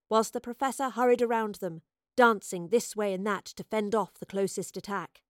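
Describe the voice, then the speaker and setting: A woman narrating an audiobook in an expressive, dramatic storytelling voice. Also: medium pitch, dry recording, clean studio sound.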